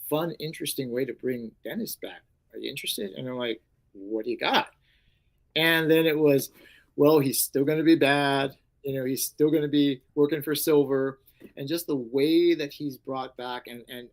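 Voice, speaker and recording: In a casual interview, a middle-aged man who works as an actor and karate instructor tells stories with lots of fillers. He's animated, acting out different voices. His voice is mid-range and the recording is rough.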